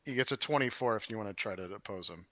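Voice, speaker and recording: A man narrates a tabletop game as game master, rambling with many fillers and restarts. His voice is bright and forward. The dry, dull mic gives it a lo-fi sound. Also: lowish voice, quick pace, no echo.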